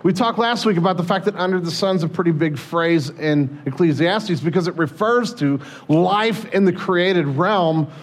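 A male pastor preaching in a relaxed, conversational way, often restarting his sentences. His voice sits a little high for a man. He speaks plainly and jokes at his own expense. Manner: conversational, self-deprecating, frequent restarts. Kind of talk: sermon.

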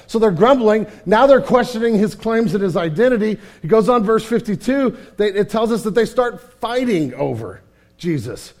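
A man preaching a sermon in a candid, conversational way, often restarting his sentences and swinging from hushed and somber to loud and animated. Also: high-pitched, moderate pace. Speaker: pastor.

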